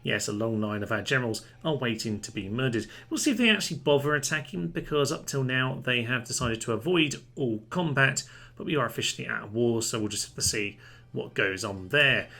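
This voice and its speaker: Wry, bright-voiced man. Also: medium pitch, lively intonation, fairly quick, vocal fry. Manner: chatty, wry, dry humour. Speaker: let's play host. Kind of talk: strategy game commentary.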